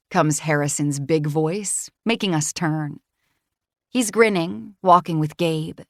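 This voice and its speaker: A woman with a low, even voice reads first-person fiction for an audiobook in a calm, measured way. The sound is close and dry, with no room around it. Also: dry recording. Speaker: audiobook narrator.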